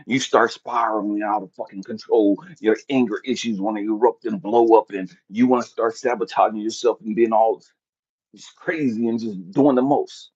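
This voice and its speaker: A man giving an impassioned, profanity-laden motivational talk, swinging between loud outbursts and quiet passages with a preacher-like cadence. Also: lowish voice, steady tone, normal speed, husky. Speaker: motivational speaker. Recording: dull lo-fi audio.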